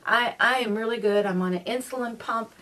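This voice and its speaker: A woman's voice: fairly high pitch, a little fast, a bit bright. A middle-aged woman telling personal stories to viewers in a chatty, earnest way, often calling them folks. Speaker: vlogger. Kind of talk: personal storytelling monologue. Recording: voice a bit distant from the mic.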